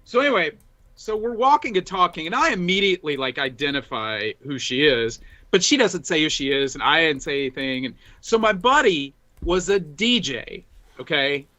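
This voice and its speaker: A man's voice: on the high side, big pitch swings, moderate pace, sharp tone. A man co-hosting a sports podcast, telling long rambling anecdotes full of fillers and restarts. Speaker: podcast co-host. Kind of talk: casual chat, storytelling. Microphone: desk mic, reads chat from screen.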